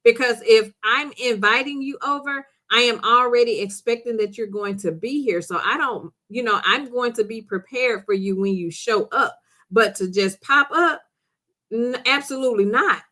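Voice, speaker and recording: A woman's voice: a little high, normal speed, sharp tone. A middle-aged woman hosting a live stream, chatting casually with viewers and laughing often. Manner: chatty, laughs often, talks straight to viewers as "girl" and "sis". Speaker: live-stream host reading viewer comments. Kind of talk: casual chat.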